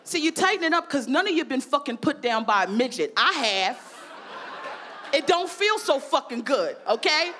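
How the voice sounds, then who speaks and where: Brash, high-voiced woman doing stand-up. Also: very animated, moderate pace, slight background noise. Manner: brash and profane, shouting punchlines. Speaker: stand-up comedian. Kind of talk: stand-up routine. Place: festival comedy stage.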